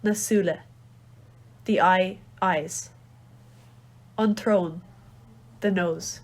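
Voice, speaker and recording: A woman's voice: lowish voice, steady tone, extremely slow. A woman with a Kerry Irish accent reading Irish words and phrases aloud, each followed by its English translation. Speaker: language teacher reading a phrasebook. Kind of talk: slow read-aloud phrase lesson.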